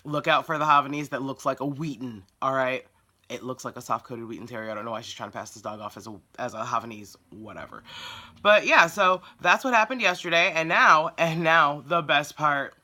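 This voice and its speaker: Exasperated woman venting, very bright voice. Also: a bass voice, expressive, brisk. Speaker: dog groomer. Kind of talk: casual storytelling vlog.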